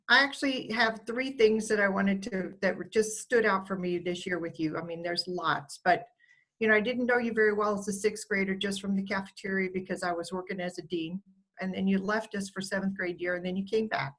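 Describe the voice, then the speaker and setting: A woman speaks over a video call, telling fond little stories about a student and quoting her. Her voice sits at an ordinary middle pitch. She tells the stories the way one does in a heartfelt speech. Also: steady tone, a little fast, poor audio. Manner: warm storytelling, quotes the student fondly. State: getting emotional. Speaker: school staff member giving an award speech.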